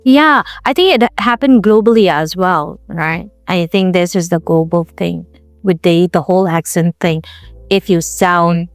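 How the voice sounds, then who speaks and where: A woman's voice: lowish voice, measured pace, no room sound, soft background music. A woman co-hosting a casual podcast, speaking reflectively and thinking aloud. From India. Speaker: podcast co-host. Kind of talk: casual chat.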